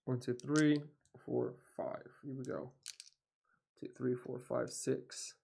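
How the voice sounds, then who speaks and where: A man's voice: medium pitch, flat delivery, takes it slowly, vocal fry, darkish tone, a little hiss or hum. A man playing a tabletop board game, counting dice aloud and coaching his partner through the rules in casual chat.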